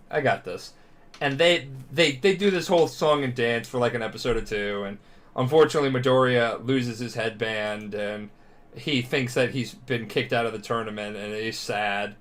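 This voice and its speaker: A drunk young man rambling through a profane, animated retelling as a podcast co-host. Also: mid-range voice, normal speed.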